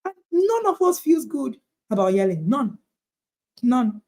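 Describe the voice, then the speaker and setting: A woman's voice: high-pitched, sing-song, a little slow, mellow. A woman parenting coach giving a motivational talk to parents, emphatic, repeating her points and asking rhetorical questions.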